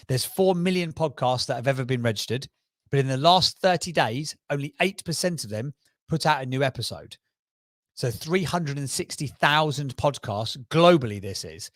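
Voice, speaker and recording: A man with a Cockney accent talks as a podcast guest. He is emphatic and quick, stacking numbers and examples, in a mid-range voice. The sound is dry and close. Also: mid-range voice, lively intonation, a bit bright, dry recording. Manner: fast, emphatic, piles up figures and examples. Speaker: podcast guest, brand strategist. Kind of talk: energetic interview talk.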